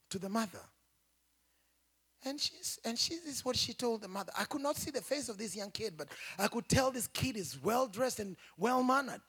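A man preaching as he tells a dream, emotional and halting, moving from whispers to a raised voice. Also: high-pitched, gravelly, fairly bright tone, breathy edge. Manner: emotional, halting, with many restarts; swings between whispering and raised voice. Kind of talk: sermon testimony.

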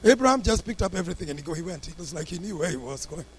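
High-voiced pastor telling an animated story. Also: male voice, racing. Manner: animated, acts out the people in his story with big swings in pitch and loudness. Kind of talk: storytelling sermon.

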